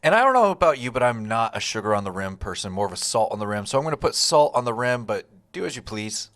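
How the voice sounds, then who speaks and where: A young man talks through a home recipe step by step, relaxed and chatty. His voice moves a lot in pitch, and the sound is dry and close, with no room echo. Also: quick pace. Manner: relaxed, step-by-step instructions with frequent "gonna go ahead". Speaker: home cook and channel host. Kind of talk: casual cooking walkthrough. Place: home kitchen.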